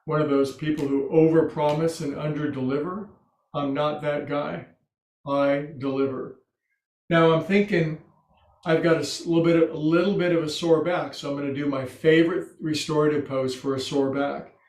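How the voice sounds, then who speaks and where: Male yoga teacher at home, playful and talkative, slightly high voice, recorded in a roomy echo. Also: little pitch movement, normal speed, a little mellow. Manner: chatty and joking, self-mocking asides. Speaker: yoga instructor. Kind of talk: guiding a restorative yoga class. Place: home room with couch and recliner. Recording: echoey room.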